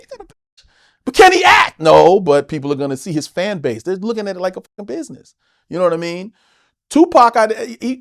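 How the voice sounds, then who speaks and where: A middle-aged man, an actor, telling stories in a casual interview, swearing and acting out quotes in other voices. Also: sits high. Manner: animated, swearing, acts out quotes in other voices, laughs often.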